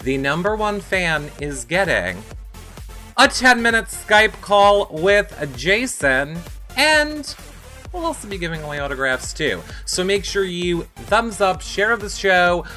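A man's voice: high-pitched, very animated, takes it slowly, sharp tone, faint music behind. A man hosting a livestreamed interview, upbeat and playful, hyping up the audience. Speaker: podcast host.

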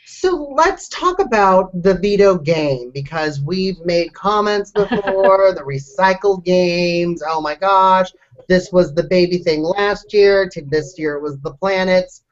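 High-voiced man in playful banter. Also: lively intonation, takes it slowly. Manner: playful, teasing, giggly banter. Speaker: podcast co-host. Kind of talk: casual chat. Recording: dull lo-fi recording.

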